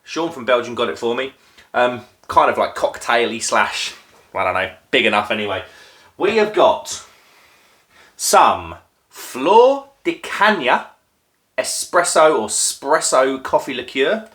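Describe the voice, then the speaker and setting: A man's voice: medium pitch, animated, measured pace, a bit bright. Man, casual home vlog, rambling, lots of ums, phone recording. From Norfolk, England. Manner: rambling, self-deprecating, many filler ums. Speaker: craft beer video host. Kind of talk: casual chat while making a drink. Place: at home, crouched down.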